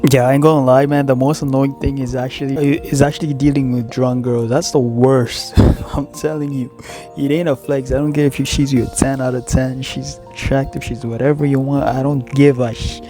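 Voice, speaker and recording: A man talks through his reactions in a laid-back, blunt way. His tone is warm and fairly flat. Faint music plays underneath. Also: mid-range voice, normal speed. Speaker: commentary host. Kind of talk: casual reaction commentary.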